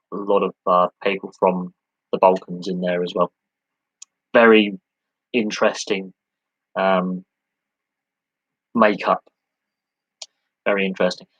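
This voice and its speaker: Husky man chatting about sport. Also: lowish voice, fairly bright tone, no room sound, low-quality recording. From United Kingdom. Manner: rambling, conversational, with many restarts and lists. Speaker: sports podcast host. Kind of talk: live podcast Q&A talk.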